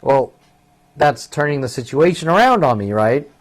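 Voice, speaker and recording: Man in his fifties, slightly higher voice, agitated and profane, rambling and repetitive solo vlog. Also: sing-song, normal speed. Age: 50s. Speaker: vlogger. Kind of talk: rambling monologue.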